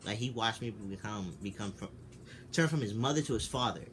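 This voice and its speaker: A man's voice: fairly low pitch, a little fast, fairly bright tone. A man in his twenties telling a personal story in a casual vlog, candid and rambling, swearing freely, just woken up. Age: 20s. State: just woke up. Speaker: vlogger. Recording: noisy background ambience.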